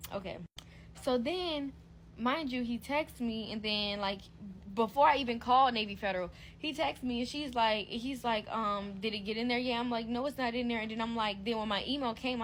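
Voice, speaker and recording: A young woman, her voice sitting a little high, runs through a casual storytime packed with fillers and back-and-forth quotes. There is a faint hiss under the voice. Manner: animated retelling, heavy fillers, acts out both sides. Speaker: vlogger.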